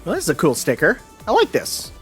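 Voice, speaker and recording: A man's voice: high-pitched, huge pitch swings, a little fast, faint music behind. A young man chatting enthusiastically while commentating a video game, with lots of fillers. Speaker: host. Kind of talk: casual gameplay commentary.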